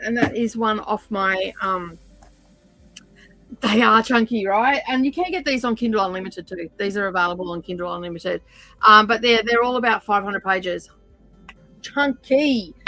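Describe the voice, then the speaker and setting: A woman's voice: on the high side, fairly bright tone, rough recording. A woman hosting a stitch-along livestream, chatting casually with many fillers and drifting from the mic while she sorts threads.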